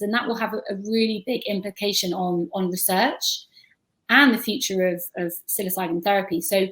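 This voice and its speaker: A woman's voice: medium pitch, poor audio. A woman on a video-call panel, talking at length in a thoughtful, chatty way and often restarting her words.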